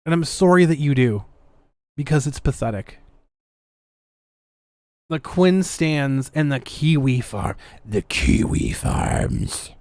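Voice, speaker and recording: A woman's voice: deep voice, expressive, slow, long pauses, darkish tone, dry recording. A woman hosting a podcast, ranting in a sarcastic, defiant way as she comments casually. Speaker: podcast host.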